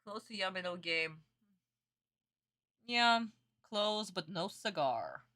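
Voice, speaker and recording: A woman's voice: lowish voice, expressive, slow, bright, forceful tone. A young woman streaming her reaction to a dubbed anime, chatting casually with viewers, exasperated, swearing and bursting into laughs.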